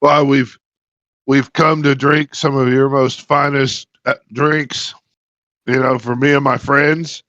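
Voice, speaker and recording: A man taking part in a tabletop game, speaking in an easy, rambling way. He talks slowly. The audio is dull and dry. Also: medium pitch, level tone, fairly bright tone, dry recording. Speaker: player. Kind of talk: tabletop role-play.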